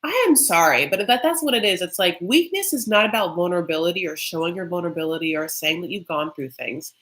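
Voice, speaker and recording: A young woman hosting a reality-TV recap vlog, ranting bluntly and profanely, with quick mocking impressions of the people she describes. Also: fairly low pitch, lively intonation, fairly bright tone. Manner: mocking, with quick acted-out quotes. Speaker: recap vlogger.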